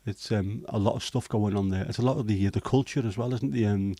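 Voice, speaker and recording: This livestream host from Liverpool speaks a little fast in a fairly low, mellow voice, recorded dry. In his Liverpool accent he chats casually through viewer comments, rambling and hesitating, with a swear here and there.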